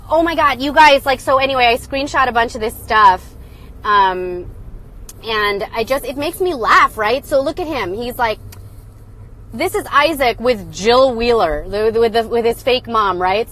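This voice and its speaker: A young woman hosting a casual live stream, talking loudly and excitedly in a sarcastic, mocking way. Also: on the high side, low-quality recording. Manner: loud and excited. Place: indoors, phone live stream. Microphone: phone.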